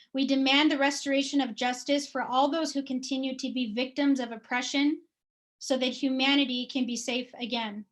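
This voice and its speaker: High-voiced woman reading firm demands. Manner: emphatic, declarative, repeating "we demand". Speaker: activist speaker. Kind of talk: reading a prepared statement of demands.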